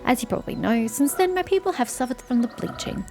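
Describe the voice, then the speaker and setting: A woman's voice: high voice, very animated, fast, darkish tone, soft background music, voice pushed up. A woman voicing a fussy, pompous male gnome scholar who talks theatrically. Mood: indignant.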